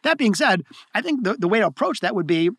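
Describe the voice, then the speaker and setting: A man telling stories as an interview guest, talking in excited bursts with frequent restarts and repeated words. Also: high voice, fast, breathy edge, dry recording, clean studio sound. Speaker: guest, keynote speaker. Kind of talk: conversational interview storytelling.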